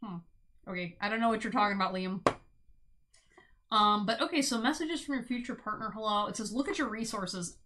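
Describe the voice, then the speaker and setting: A young woman streaming a casual tarot reading, bubbly and giggly, with sudden loud exclamations and lots of "like". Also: medium pitch, fairly quick, background noise.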